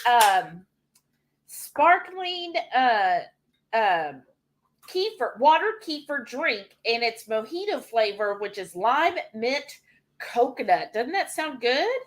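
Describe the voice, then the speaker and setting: Woman co-host, a bit high, chatty live-stream manner, reads comments aloud. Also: a bit bright. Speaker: cooking show co-host. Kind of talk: live-stream cooking chat.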